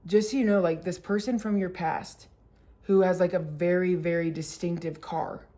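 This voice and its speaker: A woman's voice: fairly even intonation, moderate pace, mellow. Young woman vlogger, casual storytime, filler-heavy, giggly. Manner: filler-heavy with constant "like", bursts into laughter; acts out quotes with sudden high squeals.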